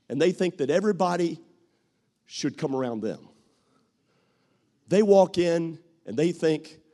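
A man preaching a sermon as pastor, acting out what people say and rising to shouts at his peaks. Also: a little high.

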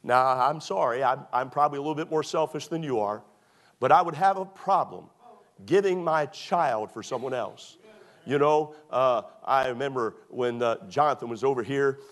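A man's voice: medium pitch, normal speed. A middle-aged man preaching a sermon to his church, restarting his sentences and repeating emphatic phrases. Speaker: pastor. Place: church sanctuary.

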